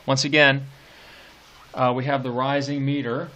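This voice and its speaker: A middle-aged man teaching literature, reading poetry aloud slowly and annotating it, with hesitant fillers. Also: medium pitch, little pitch movement, bright, forceful tone, highs cut off, slight background noise. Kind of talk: lecture with poem reading.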